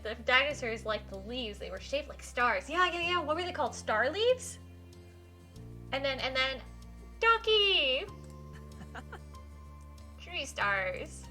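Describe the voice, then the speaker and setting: Brief: woman game streamer, bright tone, fairly high voice, giggly read-aloud, faint music behind. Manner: giggly, animated, reads text aloud and reacts. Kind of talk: live-streamed visual novel playthrough, reading aloud.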